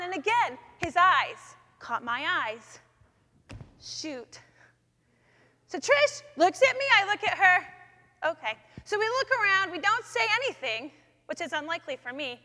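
A woman speaking in a chapel, sharing a personal faith story with lively storytelling in which she acts out her own thoughts. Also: extremely high pitch, measured pace. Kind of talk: personal testimony talk. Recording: long echoey hall reverb.

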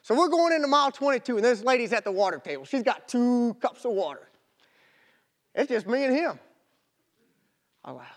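A young man, a marathon runner, telling a personal story in an animated, folksy way with casual grammar. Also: very high voice, a little fast. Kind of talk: storytelling talk.

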